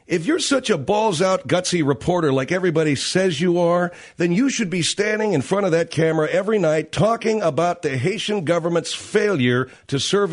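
A man hosting a talk radio show in a blunt, profane rant. His voice sits a little high and swings widely in pitch. The monologue is loose and opinionated.

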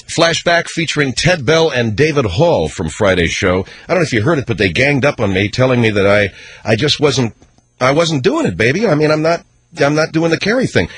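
A man hosting a call-in radio talk show, chatting in a sardonic, animated way. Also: medium pitch, slightly rough.

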